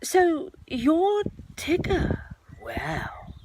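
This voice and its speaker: A woman voicing a very small, timid young male piglet who speaks slowly and hesitantly. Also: a little high, wildly swooping pitch, gravelly, background noise, voice pushed up, exaggerated voice.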